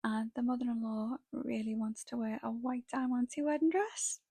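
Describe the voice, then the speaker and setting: A woman's voice: fairly high pitch, steady tone, moderate pace, mellow, husky, dry recording. A young woman telling a story in a chatty vlog style, full of fillers. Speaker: makeup artist vlogger. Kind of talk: casual storytime while doing makeup.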